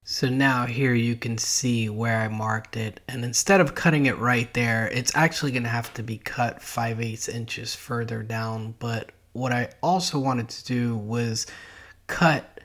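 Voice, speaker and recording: A middle-aged man hosting a DIY car channel, calmly narrating a project step by step in a plain, matter-of-fact way. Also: medium pitch, unhurried.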